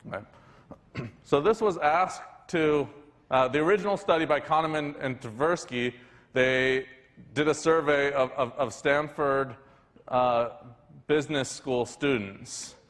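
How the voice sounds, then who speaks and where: This man's voice is medium-pitched, a little slow, and fairly bright. He delivers a university lecture in a conversational manner, full of restarts and fillers, recorded in a lecture hall with a long reverb.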